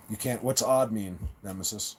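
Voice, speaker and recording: A man's voice: fairly low pitch, noisy background. A man hosting a live stream, chatting casually with viewers in a rambling, stop-start way, repeating words and laughing at his own stories. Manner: rambling, with many restarts and stammered repeats.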